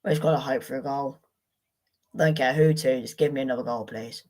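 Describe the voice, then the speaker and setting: A woman's voice: a bass voice, a little fast, a little mellow. A young woman hosting a live football watchalong, chatting to viewers in a frustrated, sweary way. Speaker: watchalong host.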